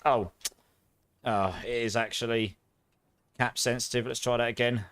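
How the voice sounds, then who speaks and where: A young man talks casually through a live game stream, upbeat and chatty with his viewers. His voice is smooth and clear, at an everyday middle pitch. The sound is close and dry, as from a mic at his desk. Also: steady tone, a little slow, a bit bright, no room sound. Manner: chatty, upbeat, announcing giveaway winners. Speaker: streamer host.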